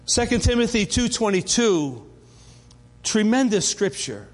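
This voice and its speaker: A man's voice: sits high, very animated, measured pace, long reverb tail. A man preaching a sermon as pastor, talking in a conversational way and often restarting his sentences. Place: church.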